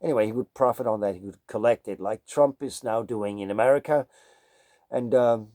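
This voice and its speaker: A Danish music teacher with a Danish accent delivers a rambling, digressive monologue, often groping for words amid many fillers. His mid-range voice is mellow and a little fast.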